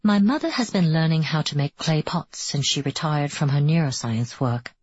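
Gentle young son, light and even in tone, low and husky, on a dull, dry recording, read by a woman. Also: moderate pace, no room sound. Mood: light, calm. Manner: light, even tone over hidden sadness. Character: gentle young man, quietly devoted son.

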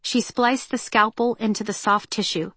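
A woman reading an audiobook in a measured, tense and expressive way. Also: on the high side, slightly rough, no room sound. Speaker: narrator. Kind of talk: audiobook narration.

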